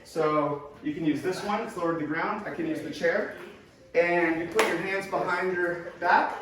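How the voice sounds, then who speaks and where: A man leading a home workout as a fitness instructor, encouraging and quick with short praise, recorded indoors at home. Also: high-pitched, noisy background. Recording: echoey room, far from the mic.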